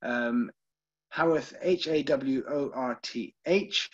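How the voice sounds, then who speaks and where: British male tour guide, chatty and informal, a bit husky, lo-fi online audio. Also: medium pitch, slow. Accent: British English. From United Kingdom. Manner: chatty, checks in with listeners, frequent ums. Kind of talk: live online literary tour talk with poem readings.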